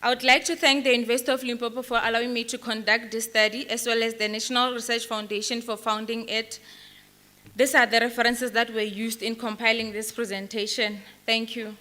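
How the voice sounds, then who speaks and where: A woman's voice: a little high, little pitch movement, fairly quick, bright, forceful tone. A woman with a South African English accent finishing an academic presentation as a postgraduate student, careful and a little hesitant.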